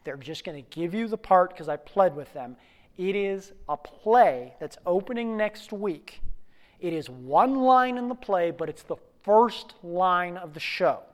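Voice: medium pitch, expressive, measured pace, in a large hall, natural voice. A preacher voicing a persuasive theatrical agent who coaxes insistently in a sermon story. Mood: coaxing.

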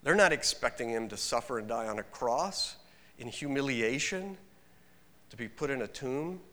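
A male pastor preaching in an earnest, conversational way, pushing up into sudden emphatic rises. His voice sits at an ordinary middle pitch. It carries the long, ringing reverb of a large church sanctuary. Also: lively intonation, moderate pace, pushed and bright. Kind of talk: sermon.

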